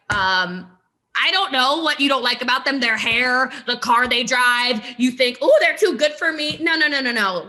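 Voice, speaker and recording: A woman with a high, bright voice talks fast and with emphasis, pushing her point hard on a video call. She often breaks into laughing asides as she speaks to her listeners in a network marketing talk. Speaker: network marketing top recruiter.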